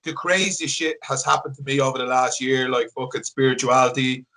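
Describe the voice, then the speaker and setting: A man's voice: mid-range voice, steady tone, brisk, bright, forceful tone. A man hosting a podcast, chatting casually, enthusiastic and sweary. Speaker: podcast host. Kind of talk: casual chat.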